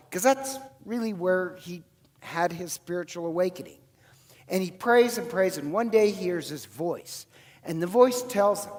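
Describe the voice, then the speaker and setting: Irish priest with a high voice, echoing church. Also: male voice. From Ireland. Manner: conversational storytelling with frequent fillers and self-corrections. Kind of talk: homily. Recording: church hall reverb.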